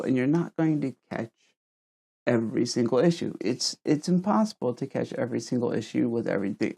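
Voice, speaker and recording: A man's voice: medium pitch, warm tone, slight background noise. A man reviewing gadgets in a casual vlog, rambling and stuttering, repeating words as he talks into a wireless lapel mic at home. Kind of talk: casual vlog talk to camera. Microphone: wireless lavalier mic.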